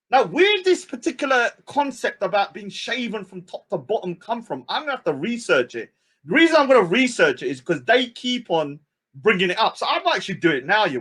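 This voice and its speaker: A man runs a live stream in a high, mocking voice. He rants, jumping from loud shouts to low mutters as he goes. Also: slightly rough. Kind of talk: ranting live-stream commentary.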